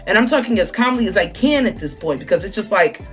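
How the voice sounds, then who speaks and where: A woman's voice: mid-range voice, animated, fast talker, faint music behind. Woman ranting on her channel, fired up, swears a lot, sarcastic, normal mid voice. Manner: heated, profane, sarcastic. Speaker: channel host. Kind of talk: ranting commentary.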